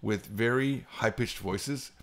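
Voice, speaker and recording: A middle-aged man co-hosting a casual podcast with an average-pitched voice. He tells his stories in an animated way and mimics people with playful high voices when he quotes them. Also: slow. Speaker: podcast co-host. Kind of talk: casual chat.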